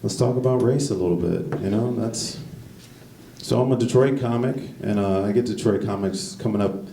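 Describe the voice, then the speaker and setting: A man working a stand-up comedy set with a lowish, gravelly voice, rambling, correcting himself, and jumping into sudden high-pitched bursts. He is recorded from a distance in an echoey club, with the room's noise and audience laughter underneath. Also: normal speed, warm tone. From United States.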